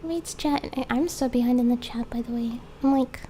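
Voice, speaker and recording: Young female streamer, chatty and giggly, rambles while drawing; high, warm tone. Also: moderate pace. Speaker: streamer and artist. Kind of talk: casual live-stream chat. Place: home, background noise heard. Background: faint lawnmower noise.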